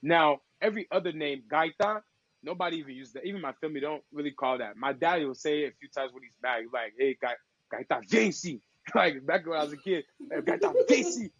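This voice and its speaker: A man from Togo, a podcast guest and DJ, telling stories in casual chat with slangy, lively talk. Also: a little high, fast talker, muffled recording. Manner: lively, acts out quoted voices, slangy.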